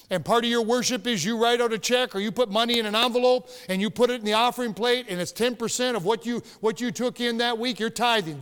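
Pastor, male, high-pitched, emphatic storyteller; church hall with long reverb. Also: clean tone. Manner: storytelling, emphatic, rising to shouts. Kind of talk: sermon. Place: church sanctuary.

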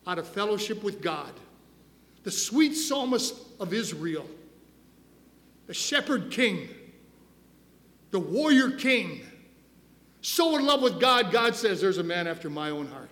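A man with a high voice preaches with passion, repeating himself and restarting phrases as he builds. His sermon rings out through a church sanctuary with a long, echoing tail. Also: sing-song, a little slow, long pauses, fairly bright tone. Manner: impassioned preaching with repetitions and restarts. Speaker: pastor.

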